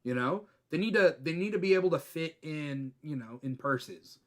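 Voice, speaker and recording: A man hosting a casual comics chat, excitable and opinionated, swearing now and then. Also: fairly high pitch, moderate pace. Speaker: host.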